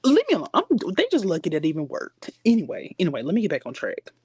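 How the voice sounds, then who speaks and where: A man's voice: fairly high pitch, wildly swooping pitch, very fast, breathy edge, dry recording. Sassy, rambling man on a dry mic. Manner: sassy, rambling, often loses track. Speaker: livestream host. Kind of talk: casual chat. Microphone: phone.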